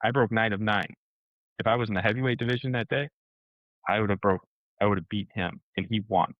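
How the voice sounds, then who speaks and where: A man telling a story in a lively way, with sound effects and acted-out dialogue. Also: on the low side, fairly quick, no room sound, dull audio. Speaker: co-host and martial arts competitor. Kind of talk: animated casual storytelling.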